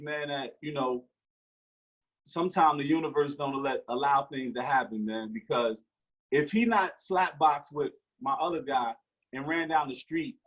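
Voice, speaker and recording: Man, forties, interview guest, husky and fairly high, animated storyteller. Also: muffled recording. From Newark, New Jersey. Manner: animated storyteller acting out quoted dialogue.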